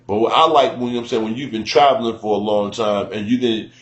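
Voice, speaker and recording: A man from Chicago hosting a loose, profane radio rant, animated and quick to slip into mock voices. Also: lowish voice. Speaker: radio show host. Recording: roomy studio echo.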